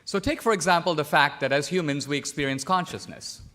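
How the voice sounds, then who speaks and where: Debater from India, slightly high voice, pressing and methodical. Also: male voice, a little fast, pushed and bright. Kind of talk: public debate.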